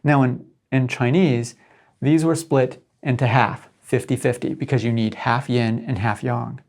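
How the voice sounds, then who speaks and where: A middle-aged man lectures as a professor, with a gravelly, creaky edge to his voice. He explains step by step at a medium pitch and keeps checking in with his listeners. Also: steady tone, measured pace, darkish tone.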